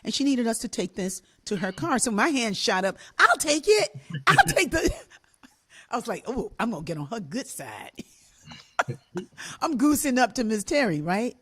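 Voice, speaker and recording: An older woman telling a childhood story on a talk show, animated and laughing, acting out the voices of the people in it. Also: medium pitch, normal speed, husky. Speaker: co-host and musician.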